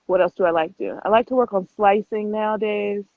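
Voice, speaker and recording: A young adult woman hosting a casual live Q&A, chatting quickly and laughing often as she answers viewer questions. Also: mid-range voice, steady tone, dry recording. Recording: tinny phone-like live stream, dry.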